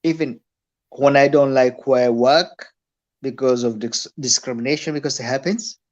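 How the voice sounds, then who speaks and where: A man's voice: medium pitch, steady tone, moderate pace, darkish tone. Stammering man on a dull lo-fi line. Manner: insistent, stammering restarts. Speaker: guest. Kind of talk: casual live chat. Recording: dull lo-fi sound.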